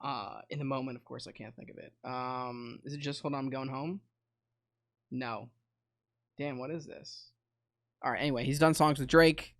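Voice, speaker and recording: A man co-hosting a casual music podcast, his speech loose and rambling with frequent fillers and restarts. His voice sits at an ordinary middle pitch. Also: fairly even intonation, normal speed, long pauses. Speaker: podcast co-host. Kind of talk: casual chat about music.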